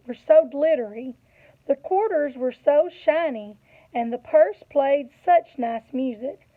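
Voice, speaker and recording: A woman reading a picture book aloud to children, animated, pausing to ask them questions. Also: high voice. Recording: tinny phone-like audio.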